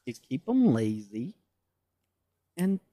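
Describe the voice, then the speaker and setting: A man co-hosting a casual comedic chat, playful and quick to laugh. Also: medium pitch, big pitch swings, dark tone, dry recording. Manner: giggly and playful, laughs often.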